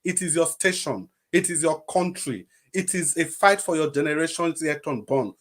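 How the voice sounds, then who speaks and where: A man's voice: a little high, moderate pace, few pauses, a bit bright. A Nigerian man hosting a livestream, giving impassioned political commentary and repeating phrases for emphasis. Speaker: livestream host. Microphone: livestream microphone.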